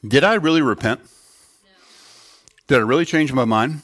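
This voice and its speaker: A man's voice: medium pitch, moderate pace, fairly bright tone, no echo. A man preaching a sermon to children and adults in an earnest teaching tone, putting questions to the children. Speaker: pastor.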